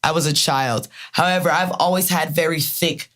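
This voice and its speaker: A woman in her twenties with a Maryland accent, co-hosting a podcast in casual, profane, animated chat. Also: low voice, moderate pace. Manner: candid, profane, animated storytelling. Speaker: podcast co-host.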